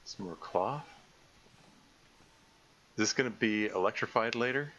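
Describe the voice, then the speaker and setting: A man's voice: on the low side, measured pace, a bit bright. A man casually commenting on a survival game during a live stream, rambling and often restarting his sentences. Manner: rambling, self-correcting, frequent stammered restarts. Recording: slightly dull lo-fi mic with faint noise.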